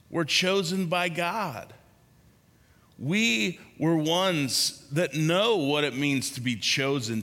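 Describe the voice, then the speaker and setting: A man preaching a sermon as a pastor, speaking in slow, pausing phrases that trail off softly at the ends. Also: a little high, big-room sound.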